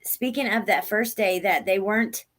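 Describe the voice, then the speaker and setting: A woman's voice: medium pitch, normal speed, fairly bright tone. A woman hosting a casual livestream, chatting with viewers by name and repeating lines from a clip. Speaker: livestream host.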